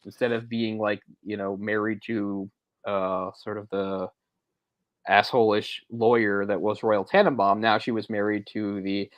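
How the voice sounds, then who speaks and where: Low-voiced man chatting casually about a film. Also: flat delivery, measured pace, no echo, poor audio. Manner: rambling, self-correcting, chuckles often. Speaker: podcast co-host. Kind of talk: casual movie discussion.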